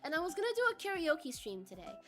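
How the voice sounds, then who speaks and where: A woman's voice: high-pitched, very animated, fast, bright, forceful tone, faint music behind. A woman streamer chatting casually with her viewers, bubbly and giggly, reading chat aloud and swearing now and then, while coming down with a cold.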